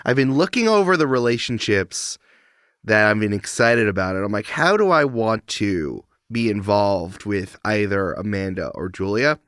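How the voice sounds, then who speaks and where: A man's voice: fairly low pitch, expressive, normal speed, fairly bright tone, clear, resonant tone, no room sound, clean studio sound. A man hosting a podcast, casually running a tabletop game with an upbeat, joking manner. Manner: upbeat, joking, guides turns.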